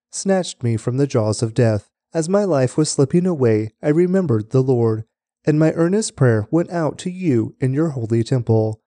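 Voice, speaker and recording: Male scripture reader, very dark and mellow tone, measured delivery, dry close mic. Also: medium pitch, no echo. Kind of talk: steady scripture reading.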